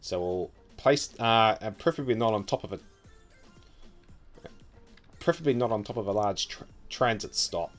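Low-voiced New Zealand man muttering through gameplay. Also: lively intonation, moderate pace, long pauses, soft background music. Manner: muttering to himself, wry and offhand. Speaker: city-building game streamer. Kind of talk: casual gameplay commentary.

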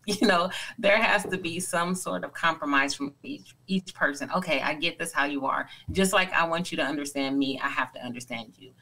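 A woman's voice: low-pitched, bright, forceful tone, rough recording. A woman in her forties co-hosting a podcast, speaking earnestly and reflectively in casual conversation. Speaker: podcast co-host.

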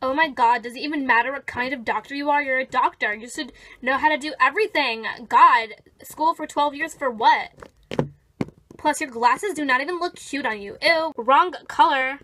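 A woman's voice: high voice, normal speed, pushed and bright, slight background noise. A young woman voicing a melodramatic male toy pet addicted to toothpaste, whiny and prone to screaming. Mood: sulky. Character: frantic toothpaste-obsessed male pet, adult. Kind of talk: toy video skit. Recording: music playing underneath.

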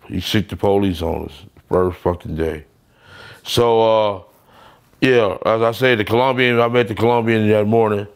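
During a relaxed interview, a man recounts stories bluntly and with plenty of profanity, voicing the people he quotes in street-storytelling fashion. He speaks at normal speed in a fairly low, steady, clean voice.

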